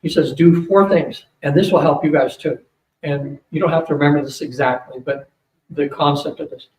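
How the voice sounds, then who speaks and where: A man's voice: on the high side, moderate pace. Older man telling a story in a roomy hall. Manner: rambling, animated storytelling with many fillers. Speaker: speaker at a psychic fair. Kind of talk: storytelling talk to an audience. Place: hotel event room. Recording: roomy, distant mic with faint hum.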